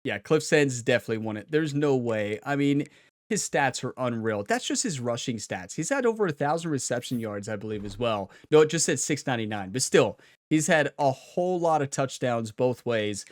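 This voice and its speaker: A man's voice: medium pitch, lively intonation, moderate pace, dry recording. A man giving casual gameplay commentary at a home gaming setup, trash-talking with playful energy. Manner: fired-up, playful trash talk with laughs. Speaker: gaming YouTuber.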